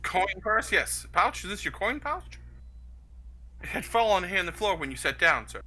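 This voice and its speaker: A man's voice: sits high, big pitch swings, normal speed, bright, forceful tone, slight background noise, full character voice. A man as a stammering nervous pickpocket. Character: jittery young male pickpocket. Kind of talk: tabletop role-play.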